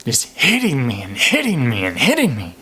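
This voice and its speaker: A man's voice: medium pitch, wildly swooping pitch, bright, forceful tone. A man playing a stammering, desperate henchman. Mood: shaken. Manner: halting, stammering, full of restarts. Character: desperate working-class male henchman, a struggling father. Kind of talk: mock documentary interview acting.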